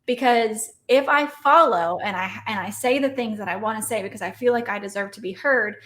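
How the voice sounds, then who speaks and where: A woman's voice: fairly high pitch, brisk, fairly bright tone. A woman co-hosting a casual livestream with her husband, speaking candidly and acting out quotes with animation. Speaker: co-host. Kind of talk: casual couple's livestream talk.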